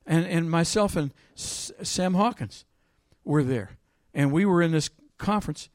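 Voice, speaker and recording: A man delivers a sermon in a somewhat high voice, recorded close and dry with almost no room sound. He reads scripture loudly and emphatically, then drops into a quiet, conversational tone to tell a story from his own ministry. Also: moderate pace, no echo. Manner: animated, swings between loud emphatic reading and quiet storytelling. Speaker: preacher.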